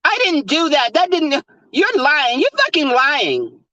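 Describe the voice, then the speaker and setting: Comedian as an evasive, stalling woman playing dumb: higher voice, dull lo-fi sound. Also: very animated, measured pace, bright, forceful tone, dry recording, far from the mic, heavily acted. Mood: defensive. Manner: stalling and hesitant, denying. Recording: dull lo-fi recording.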